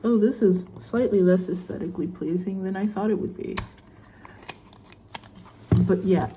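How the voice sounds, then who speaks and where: A woman's voice: on the low side, dark tone, slight background noise. A young woman vlogging casually as a student, chatty and rambling with lots of fillers while she unboxes a laptop. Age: young adult. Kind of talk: casual unboxing vlog chat.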